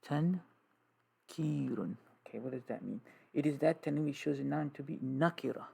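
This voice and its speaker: A man teaching an Arabic grammar lesson, slow and repetitive, drilling terms with many "okay"s. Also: mid-range voice, creaky, mellow, husky. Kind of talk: classroom lesson with writing.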